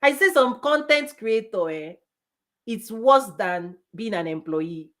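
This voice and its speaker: A woman business coach giving a forceful motivational talk, repeating punchy phrases and laughing often. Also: on the high side, animated, slow pace.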